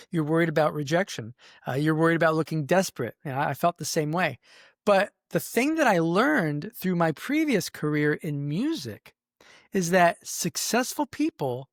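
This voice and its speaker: A middle-aged man talks earnestly about business, leaning into his stories with emphasis. His voice sits a little high for a man. The sound is dry and close, with no room echo. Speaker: podcast host. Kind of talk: motivational business talk. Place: his office.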